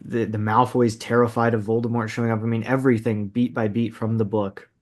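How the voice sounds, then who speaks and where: A man co-hosting a casual movie podcast, talking in an animated, emphatic way and often repeating words as he starts a sentence. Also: on the low side, fairly quick. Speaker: podcast co-host.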